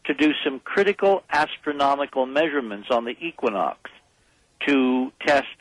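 A man talks as a guest on a radio call-in show, pressing his points with urgent emphasis. His voice sits at an ordinary pitch and comes through a dry broadcast sound with no room echo. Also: moderate pace. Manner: emphatic, urgent, rallying the audience.

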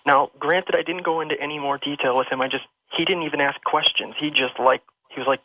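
A man's voice: fairly high pitch, fairly even intonation, fast, hardly any pauses, bright, forceful tone, no echo. A man calling into a radio show over the phone, telling a personal ghost story in a rambling, emotional way with many restarts. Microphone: telephone. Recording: dull lo-fi phone line.

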